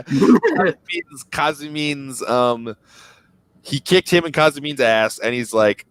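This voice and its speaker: A man's voice: medium pitch, lively intonation, normal speed, no echo. A young man co-hosting a casual fan podcast, rambling enthusiastically and tripping over his words. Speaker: podcast co-host.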